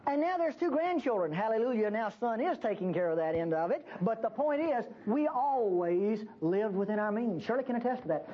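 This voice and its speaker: Older woman preacher, lively sermon delivery, folksy and emphatic, dull lo-fi church recording. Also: slight background noise. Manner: emphatic, folksy and teasing, with lively pitch swings.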